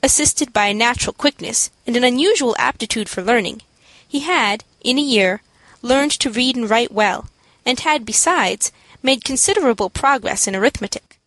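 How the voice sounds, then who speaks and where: A woman narrating an audiobook in a steady, clear storytelling manner. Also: fairly high pitch, moderate pace, no echo, poor audio.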